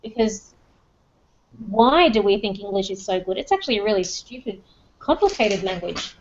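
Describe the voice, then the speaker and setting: A woman's voice: mid-range voice, animated. Insistent woman from Australia. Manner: insistent, quick to object. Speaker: panel guest. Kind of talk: casual debate. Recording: dull lo-fi sound.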